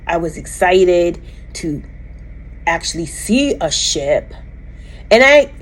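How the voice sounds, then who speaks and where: Emphatic woman with a lowish voice. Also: slight background noise, rough recording. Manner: animated, emphatic, rambling with restarts. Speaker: vlogger recounting a personal experience. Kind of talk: casual storytelling.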